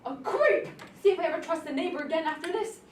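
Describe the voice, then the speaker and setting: A woman playing a headstrong, quarrelsome young daughter in a stage play, scolding and shouting back. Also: extremely high pitch, fast. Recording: roomy, distant mic with faint noise.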